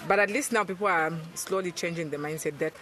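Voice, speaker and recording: A woman's voice: lowish voice, quick pace, fairly bright tone, a little hiss or hum. A woman, a volunteer program coordinator, explaining things in an interview with frequent fillers. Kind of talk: interview answers.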